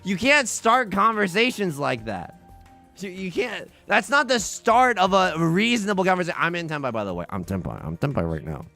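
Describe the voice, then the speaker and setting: A man's voice: a little high, gravelly, sharp tone. A young man streaming a tile game, joking casually and chatting with his viewers. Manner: playful, jokey, chatting with viewers. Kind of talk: casual livestream commentary while playing.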